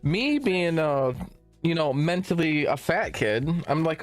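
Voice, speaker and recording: A man's voice: on the high side, lively intonation, unhurried, no echo, faint music behind. A young man streaming from home, telling a long work story as a casual rant, rambling and swearing as he backtracks. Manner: rambling, profane, self-interrupting.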